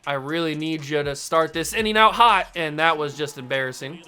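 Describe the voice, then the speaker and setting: A man's voice: on the high side, lively intonation, moderate pace, pushed and bright. A young man commentating his own baseball video game play, self-deprecating and exasperated at his mistakes. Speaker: gaming YouTuber host. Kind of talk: gameplay commentary.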